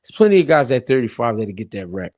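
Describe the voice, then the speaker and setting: A man's voice: medium pitch, fast talker, no echo, studio quality. A man hosting a live-stream boxing talk show, arguing heatedly and talking to his chat. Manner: heated, animated, talks to chat. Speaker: host.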